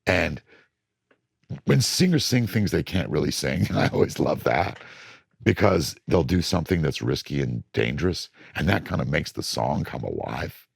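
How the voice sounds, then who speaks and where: A middle-aged record producer being interviewed, telling blunt studio stories and acting out moments from sessions. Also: male voice, a bass voice, normal speed, gravelly, breathy edge, no room sound. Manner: animated, blunt storytelling that acts out studio moments.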